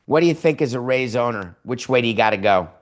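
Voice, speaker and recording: A man's voice: medium pitch, lively intonation, quick pace. A man hosting a sports talk show from his home studio, sarcastic and mocking as he riffs on team owners. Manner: sardonic, mocking impressions of owners. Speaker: podcast host.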